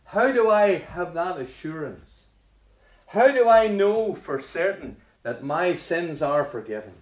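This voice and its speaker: A man preaching a sermon with dramatic swings from loud rhetorical questions to hushed near-whispers. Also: on the high side, animated, a little slow, far from the mic. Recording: echoey room.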